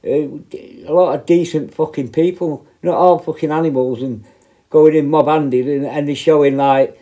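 A man's voice: fairly high pitch, moderate pace, warm tone. A middle-aged man, a former prison officer, ranting bluntly and confrontationally straight to camera, full of swearing. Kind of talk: angry direct-to-camera rant.

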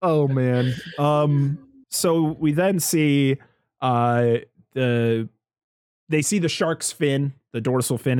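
A man co-hosting a casual movie recap, talking animatedly and yelling out character lines. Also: slow pace, clean tone, no room sound, clean studio sound. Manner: animated, mimics characters with loud high yells. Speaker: podcast co-host recapping a movie. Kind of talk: casual chat.

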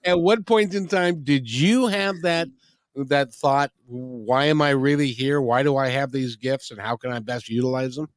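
A man's voice: mid-range voice, moderate pace, no room sound, studio quality. A man hosting an interview, offering affirmations and asking open, reflective questions. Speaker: interview host. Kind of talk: casual interview.

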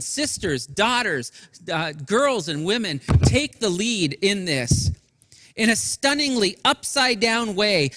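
A middle-aged man, a pastor, preaching an Easter sermon with earnest emphasis that drops soft and low in quiet passages. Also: big pitch swings, a little slow, no room sound, clean studio sound, big-room sound. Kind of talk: Easter sermon streamed to people at home.

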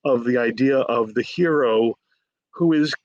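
Man, author guest, conversational interview, animated storyteller, dry close sound, dull lo-fi audio. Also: mid-range voice, a little slow, dry recording. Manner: animated storyteller, acts out quotes.

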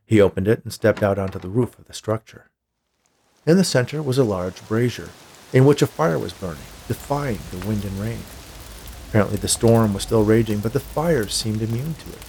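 A man reading a dark tale aloud in a measured, scripted storytelling manner. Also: fairly low pitch, animated, creaky, slight background noise. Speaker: narrator. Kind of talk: scripted audiobook narration.

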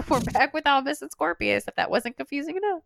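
A woman co-hosting a casual fan podcast, animated and sarcastic, laughing often as she recaps. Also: sits high, brisk, gravelly, slight background noise. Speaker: podcast co-host.

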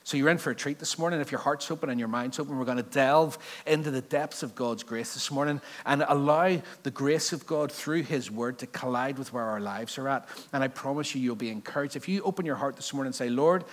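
A man's voice: mid-range voice, brisk, few pauses. A pastor from Belfast preaches with a Northern Irish accent. He talks in a loose, conversational way, breaking into jokes and wandering asides before returning to his point. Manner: chatty, joking asides, rambling digressions. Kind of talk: sermon.

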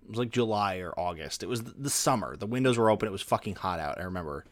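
A man's voice: on the low side, animated, racing, soft background music. A man hosting a podcast, telling a story in casual chat, full of "like" fillers. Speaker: podcast host.

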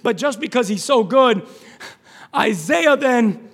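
A man preaching a sermon, shouting at times and then dropping to a hushed, low delivery. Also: animated, takes it slowly, breathy edge. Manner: shouting, dramatic swings from loud to hushed. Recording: long reverb of a large hall.

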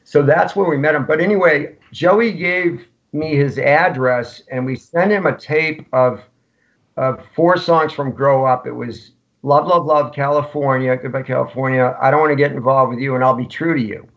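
A man, a punk musician guest, telling rambling, animated stories in casual chat. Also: medium pitch, moderate pace. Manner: rambling, animated anecdotes with acted-out quotes. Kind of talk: casual storytelling. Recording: lo-fi podcast audio.

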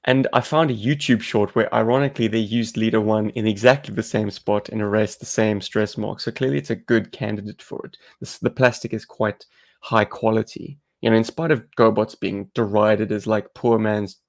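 Gravelly low-voiced South African man. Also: fairly even intonation, normal speed. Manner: chatty, explains at length. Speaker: podcast co-host. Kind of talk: casual podcast chat.

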